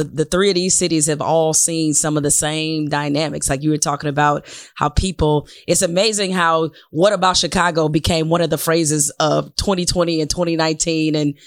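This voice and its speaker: A woman's voice: low-pitched, dry recording, clean studio sound. Blunt, outspoken woman podcast host. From Detroit. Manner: blunt, emphatic, swears freely. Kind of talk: casual conversational interview.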